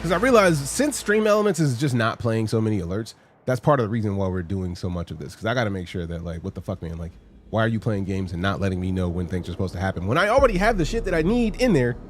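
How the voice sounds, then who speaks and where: A man streaming games live, chatting casually with his viewers, greeting them by name, excitable and swearing freely. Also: on the low side, fast, faint music behind. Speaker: game streamer.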